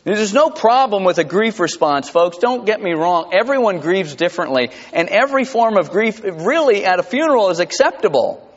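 Man, preacher, sermon, lively swooping voice, animated conversational delivery, church hall with long reverb, dull sound. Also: sits high, normal speed, few pauses. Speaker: pastor. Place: church sanctuary.

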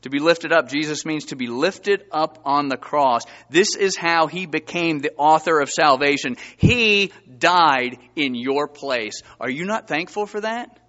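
A man's voice: a little high, unhurried, few pauses, bright, forceful tone, muffled recording. A man preaching a sermon, reading Bible verses and pressing his listeners with rising emphasis. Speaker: pastor.

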